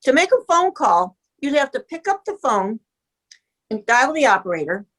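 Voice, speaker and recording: Animated older woman, voice leaping up and down. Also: high voice, normal speed. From US Midwest. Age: 70s. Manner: animated, gushing, breaks off mid-sentence. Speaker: guest. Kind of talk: casual reminiscing chat.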